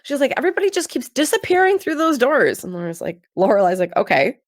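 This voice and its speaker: A woman's voice: high-pitched, very animated, fast, no echo, studio quality. A woman co-hosting a casual podcast, animatedly retelling a TV episode and acting out the characters' lines with laughter. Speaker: podcast co-host. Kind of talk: casual chat recapping a TV episode.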